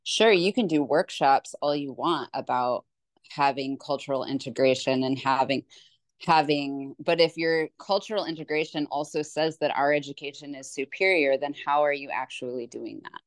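A woman from Hawaii speaking in a documentary interview, measured and pointed as she argues for birth options. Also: deep voice, no echo.

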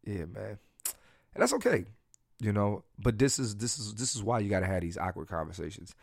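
A man's voice: lowish voice, very animated, brisk, vocal fry, no echo, studio quality. A man hosting a podcast, telling candid, crude and joking personal stories in a casual solo chat. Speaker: podcast host.

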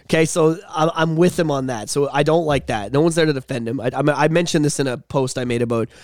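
A man's voice: on the high side, quick pace, a little mellow, no room sound, clean studio sound. A man hosting a podcast, ranting in a heated, profane way in casual chat. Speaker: podcast host.

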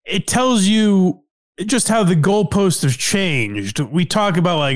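A man's voice: sits high, very animated, measured pace, no room sound, clean studio sound. A man hosting a podcast, chatting casually, laughing often and swearing freely. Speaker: podcast host. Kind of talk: casual chat.

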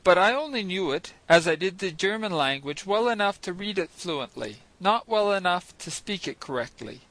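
A man narrating a novel in the first person, measured and expressive, as an audiobook reader. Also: sits high, no echo, low-quality recording.

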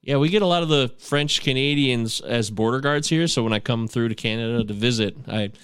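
A man in casual chat as a podcast host, jokey and animated. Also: brisk, smooth, no room sound, studio quality. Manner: animated, jokey, swoops up in pitch.

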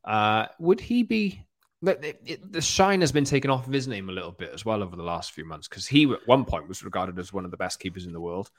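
A man co-hosting a casual football podcast, speaking hesitantly with pauses and fillers. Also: lowish voice, sing-song. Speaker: podcast co-host.

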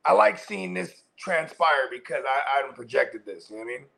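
A man's voice: mid-range voice, lively intonation, brisk, gravelly, sharp tone. A man in casual, profane, slangy chat as a co-host on a fantasy football show.

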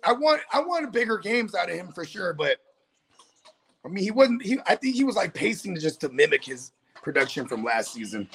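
Brash high-voiced man, gravelly. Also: very animated, normal speed, fairly bright tone. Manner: brash, swaggering, cursing freely. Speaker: podcast co-host. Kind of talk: casual profane trash talk.

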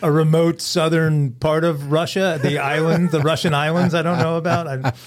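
A man hosting a crime news show, reading headlines in a steady, conversational way with dry asides. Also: on the high side, moderate pace. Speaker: host.

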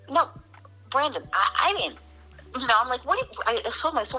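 A woman's voice: high voice, fast talker, breathy edge, faint music behind, poor audio. A middle-aged woman comedian from Chicago, telling stories in casual podcast chat, acting out quotes and swearing freely. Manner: animated storyteller, acts out quotes, swears freely.

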